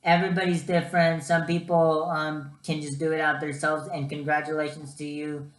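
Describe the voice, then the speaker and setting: A man's voice: on the high side, normal speed, echoey room. A young man giving casual vlog advice, chatty and full of ums and uhs. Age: young adult. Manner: chatty, lots of ums and uhs, animated storytelling. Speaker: student vlogger.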